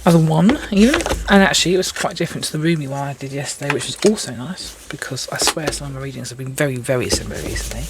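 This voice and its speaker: Seated indoors at a table of cards, a tarot reader chats her way through a casual reading, rambling and poking fun at herself. Her voice is low-pitched and fast with few pauses, against heavy background noise.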